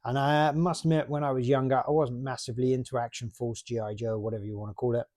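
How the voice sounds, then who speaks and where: A man from the UK, late forties, talks quickly in a steady, mid-range voice that's a little mellow. His casual chat wanders through his toy collection, chatty and self-mocking.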